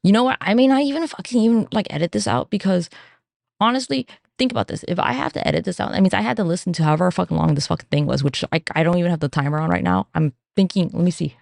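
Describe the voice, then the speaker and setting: Gravelly young woman ranting into a close dry mic, swears nonstop, wanders off topic. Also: lowish voice, fast talker, no room sound. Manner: swears a lot, rambling, animated. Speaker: podcast host. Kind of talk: casual solo rant.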